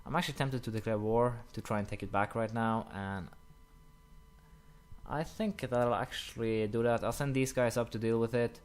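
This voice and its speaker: A young man commenting casually while playing a strategy game, rambling with many fillers and quick apologetic asides. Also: medium pitch, steady tone, clean tone. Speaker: gaming commentator. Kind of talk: casual let's-play commentary.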